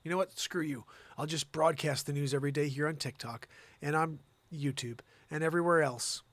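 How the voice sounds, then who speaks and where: A fairly high-voiced man runs a live-streamed comedy news show from home, sarcastic and rambling. He jumps between loud reading and muttered asides, all in a dry, close sound with no room around it. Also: a little fast, no room sound.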